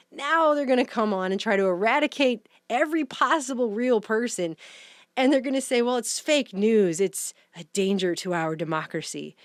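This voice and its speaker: A woman's voice: a little high, no echo, studio quality. A woman giving opinion commentary in a sarcastic, indignant way, picking up speed when she gets worked up.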